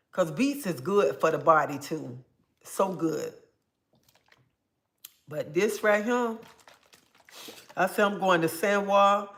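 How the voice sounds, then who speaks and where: An older woman hosting a casual livestream, reading viewer comments aloud and telling stories in a chatty, animated way. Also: on the low side, slow, pauses often. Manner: chatty, animated storytelling with bursts of excitement. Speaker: livestream host.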